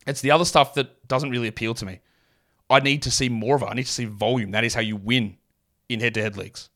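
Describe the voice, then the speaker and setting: A man from Australia with a mild Australian accent, hosting a solo fantasy basketball podcast and rattling off statistics with quick asides. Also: medium pitch, fairly even intonation, a bit bright. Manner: rapid stat-heavy delivery with asides.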